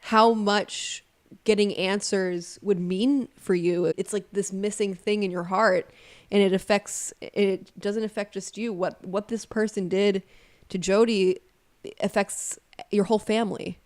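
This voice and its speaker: A woman's voice: medium pitch, fairly even intonation, measured pace, a little mellow. A woman co-hosting a podcast, speaking encouragingly and affirming her guest in an interview. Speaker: podcast co-host.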